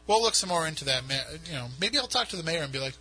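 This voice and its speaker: A man's voice: fairly high pitch, animated, very fast, pushed and bright, low-quality recording. A man hosting a casual radio talk show, rambling and poking fun at himself. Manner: rambling, self-mocking. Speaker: podcast host.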